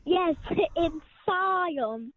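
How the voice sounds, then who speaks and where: A woman's voice: very high voice, expressive, extremely slow, no room sound. A teenage girl calling in to a radio show, talking in a shy, hesitant, giggly way. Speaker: caller. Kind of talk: phone-in chat. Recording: tinny phone line.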